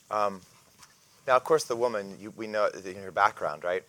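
A man teaching a casual Bible lesson, speaking hesitantly with many fillers and restarts and often clearing his throat. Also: lowish voice, moderate pace, fairly bright tone, no room sound.

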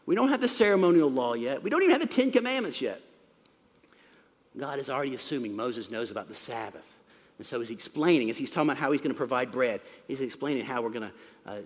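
A man preaching a sermon as pastor, animated, swinging from loud emphasis to hushed asides. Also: medium pitch. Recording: long hall reverb.

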